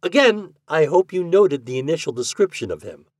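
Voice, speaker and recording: Husky, expressive male storyteller. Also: on the high side, no echo, studio quality. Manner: measured, expressive reading. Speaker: podcast host and reader. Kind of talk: reading classic fiction aloud.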